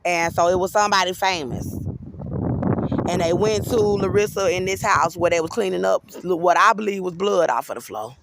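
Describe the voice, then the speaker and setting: A woman's voice: lowish voice, normal speed, very noisy. A woman giving an agitated, rambling personal monologue to camera, swearing freely. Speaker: vlogger.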